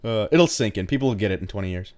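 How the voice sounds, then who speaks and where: A man's voice: lowish voice, expressive, very fast, darkish tone. A young man co-hosting a casual movie review podcast, adding dry joking asides. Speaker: podcast co-host.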